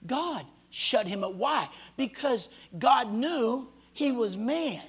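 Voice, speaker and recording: A male pastor delivers a sermon with a high, bright, somewhat husky voice. He rises to shouts, then drops to a hush, and he acts out the voices of people he quotes. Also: lively intonation, slow pace. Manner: swings from shouting to hushed, dramatic quoting of voices. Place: church hall before a congregation.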